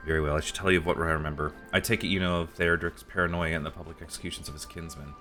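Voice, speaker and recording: A man voicing an old male royal scribe in a fantasy game, telling dark memories in solemn, archaic speech. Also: extremely low pitch, level tone, very fast, soft background music.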